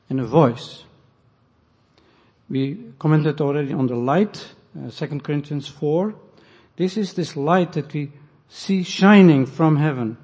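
A man preaches in short, deliberate phrases, leaning hard on key words. His voice sits a little high, mellow and somewhat husky. It rings in a large hall with a long reverb tail, and the recording sounds dull. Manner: measured, emphatic, pausing between phrases. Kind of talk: sermon.

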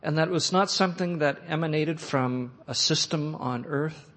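A man preaching a sermon, reading and expounding scripture earnestly, pushing phrases up and letting them fall soft. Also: a little high, moderate pace. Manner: earnest, rising to emphatic phrases then dropping soft. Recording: echoey hall with long reverb.

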